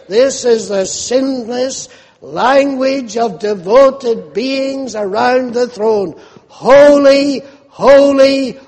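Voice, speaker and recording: A man preaching a sermon in a measured, emphatic way, repeating phrases for stress. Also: high voice, darkish tone. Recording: long reverb of a large hall.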